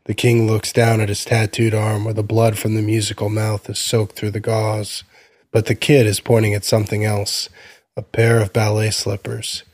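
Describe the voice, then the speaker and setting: A man reads a short story aloud in a measured, even delivery. His voice sits on the low side. The sound is close and dry, with no room around it. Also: no echo. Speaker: narrator. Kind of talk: scripted fiction reading.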